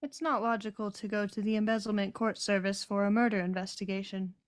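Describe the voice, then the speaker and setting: A woman's voice: medium pitch, fairly even intonation, fairly quick, no echo, clean studio sound. Prim-sounding woman player. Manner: formal, prim phrasing. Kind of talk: in-character tabletop play.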